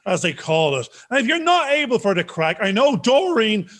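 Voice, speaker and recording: A man co-hosting a podcast, cracking jokes in animated, playful, self-mocking banter. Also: sits high, normal speed. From Ireland. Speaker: podcast co-host. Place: video call.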